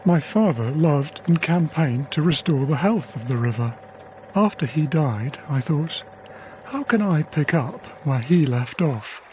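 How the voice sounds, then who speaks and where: A man, a wildlife cameraman from England, narrating his diary in a quiet, measured, reflective documentary voice. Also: on the high side, animated, slight background noise. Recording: faint river ambience behind.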